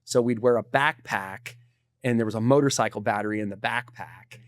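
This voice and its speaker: A middle-aged man, a podcast guest, telling climbing stories in a laid-back, animated way. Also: lowish voice, brisk, no room sound, clean studio sound. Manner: animated, laid-back storyteller saying dude. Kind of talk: casual storytelling.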